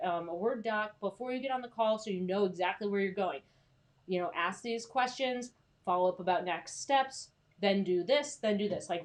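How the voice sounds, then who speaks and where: A young woman coaching freelance writers in a casual, chatty live stream, reassuring and full of fillers. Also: medium pitch.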